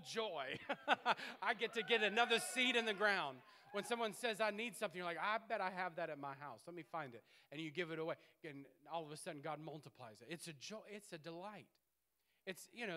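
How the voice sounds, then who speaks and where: A man preaching with a high, bright voice. He is animated and playful, building to loud bursts and dropping to hushed asides. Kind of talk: sermon.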